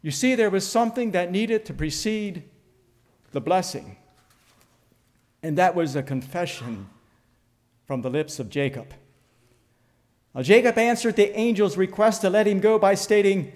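A man delivers a sermon at an unhurried, deliberate pace, letting his voice sink low and quiet on key phrases. His voice sits a little high for a man. The sound carries a long reverb, like a large church sanctuary. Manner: slow, deliberate preaching with dramatic drops in volume. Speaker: preacher.

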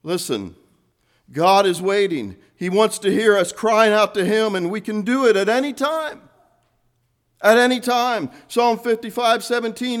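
A man preaching a sermon, earnest, rising to fervent emphasis and then dropping soft. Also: sits high, animated, a little slow.

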